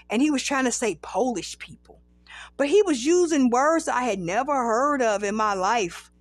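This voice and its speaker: High-voiced profane woman telling stories. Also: no room sound. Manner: profane, rambling, animated storytelling. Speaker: podcast host. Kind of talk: casual storytelling monologue.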